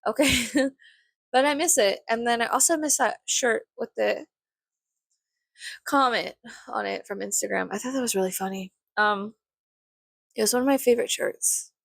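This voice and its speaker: A woman's voice: fairly high pitch, normal speed, creaky, pauses often, a bit bright, no room sound. Young woman, casual vlog ramble, profane, self-mocking, dry close sound. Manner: chatty, profane, self-mocking, acts out her own thoughts. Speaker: vlogger.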